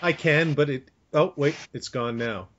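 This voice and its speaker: A man's voice: on the high side, measured pace, a bit bright, slight background noise. A man hosting a podcast, chatting casually and joking and teasing his guest. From Canada. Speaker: podcast host. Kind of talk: casual chat. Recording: dull lo-fi audio.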